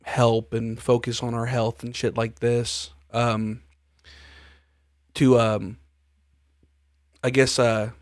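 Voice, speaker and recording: A man's voice: mid-range voice, flat delivery, takes it slowly, long pauses, dry recording, studio quality. Laid-back young man, casual swearing. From grew up in a Hispanic neighborhood in the United States. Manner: laid-back, swears freely, laughs often. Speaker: podcast host. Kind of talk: casual podcast chat.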